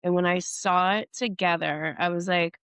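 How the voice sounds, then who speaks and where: A woman actress telling career anecdotes in an interview, animated and full of "like" fillers. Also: lowish voice, moderate pace, clear, resonant tone, no room sound. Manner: animated anecdotes with many "like" fillers and acted-out quotes. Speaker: actress and podcast host, interview guest. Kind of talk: candid career interview, storytelling.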